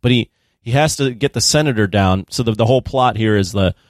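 A man's voice: lowish voice, fairly quick, dry recording, clean studio sound. Man rambling through movie scenes. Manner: rambling retelling of scenes with restarts. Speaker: podcast co-host. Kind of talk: casual movie review chat.

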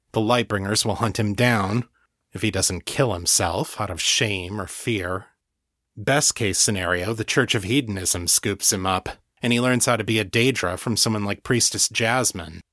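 A man narrating a fantasy novel in a calm, measured way, close to the mic. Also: fairly low pitch, no room sound. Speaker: audiobook narrator. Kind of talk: scripted narration.

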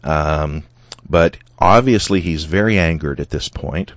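A man's voice: very deep voice, unhurried, no echo. A man hosting a solo podcast, retelling an online argument and reading comments aloud with many fillers. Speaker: podcast host. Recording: dull lo-fi dry sound.

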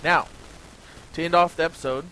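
A man's voice: on the high side, normal speed, a bit bright, rough recording. A man hosting a casual gaming podcast, reading out sales figures with lots of ums and restarts. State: slightly hoarse from talking. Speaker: podcast host. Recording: faint hiss.

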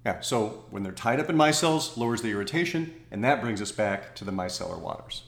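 Low-voiced man in a roomy space. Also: animated, brisk, creaky. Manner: thoughtful, self-correcting, jokey asides. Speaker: podcast co-host. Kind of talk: casual science chat.

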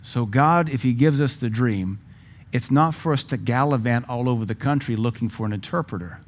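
A man preaching a sermon as pastor, emphatic and joking, with sudden louder bursts. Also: medium pitch, normal speed.

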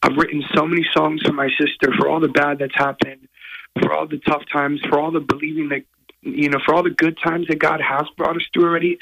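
A man, a guest musician, telling a personal story in an earnest, halting, emotional way from a hotel room. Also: on the high side, flat delivery, creaky, a bit bright, poor audio.

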